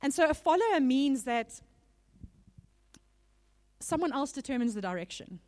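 A woman's voice: sits high, big pitch swings, moderate pace. A woman preacher giving a sermon in a conversational way, with small laughs between points, a little nervous. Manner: warm laughing asides, conversational.

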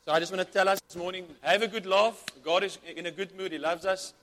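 High-voiced fervent male preacher. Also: fairly even intonation, quick pace, fairly bright tone. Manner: fervent, repetitive, many restarts. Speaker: pastor. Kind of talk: sermon.

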